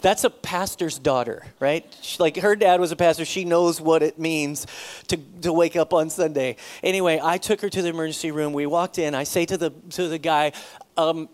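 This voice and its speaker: A middle-aged man, a pastor, telling a personal story in a sermon, acting out the dialogue with sudden loud bursts. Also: sits high, moderate pace.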